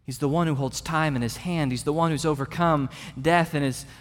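A man's voice: on the high side, steady tone, brisk. Earnest preaching man in a reverberant hall. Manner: earnest preaching, building to emphatic peaks. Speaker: pastor. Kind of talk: sermon. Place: church sanctuary. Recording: long reverb of a large hall.

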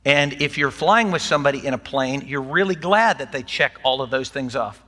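The recording carries the long reverb of a church sanctuary, where an older pastor gives his sermon fairly quickly in a bright, pushed, mid-range voice. He keeps it folksy and conversational, mixing in gentle jokes for the congregation.

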